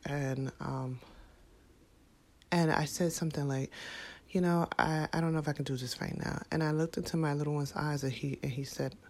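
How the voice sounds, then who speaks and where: A woman, a mother, speaking to camera in a casual, heartfelt way, reflective and halting, with many fillers and restarts. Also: low voice, fairly even intonation, darkish tone. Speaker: parent vlogger.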